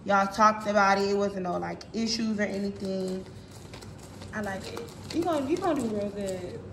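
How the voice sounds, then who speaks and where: A woman's voice: medium pitch, normal speed, reverberant, background noise. A young woman coaching a trainee in casual chat, speaking bluntly and encouragingly, with casual swearing.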